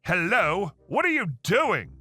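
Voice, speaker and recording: A man voicing an entitled woman customer in her early forties who yells and demands. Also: big pitch swings, measured pace, no echo, faint music behind, full character voice. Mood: screaming, demanding. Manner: shrill, demanding, yelling.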